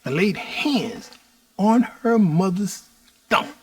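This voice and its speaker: A middle-aged man from Houston, Texas, telling his own story as host in a slow preaching cadence that keeps addressing the listeners as "y'all". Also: sits high, sing-song, darkish tone, husky, no room sound. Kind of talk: personal storytelling monologue.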